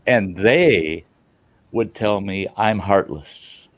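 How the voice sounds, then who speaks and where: A man's voice: lowish voice, drawn-out words, dry recording. A middle-aged man hosting a casual chat, talking earnestly and from the heart. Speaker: channel host.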